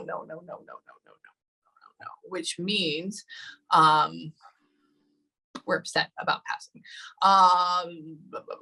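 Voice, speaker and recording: A woman giving a casual live reading, often pausing and dropping into soft whispers. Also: lowish voice, vocal fry, rough recording. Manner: casual, pauses often with "hold on" and drops to whispers. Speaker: psychic medium.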